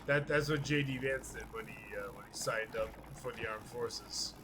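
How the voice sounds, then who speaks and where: Medium-pitched and a bit bright, this podcast host keeps a moderate pace. He rambles and swears through a casual chat, laughing a lot and performing what others said.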